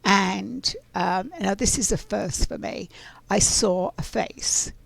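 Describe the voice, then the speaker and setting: A woman in middle age tells a spiritual story to her audience, drifting from thought to thought with plenty of ums and restarts. Her voice carries a strong gravelly fry at an ordinary pitch. The recording is close and dry, with no room sound. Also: slow, dry recording. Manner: rambling, many fillers and restarts. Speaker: oracle card reader.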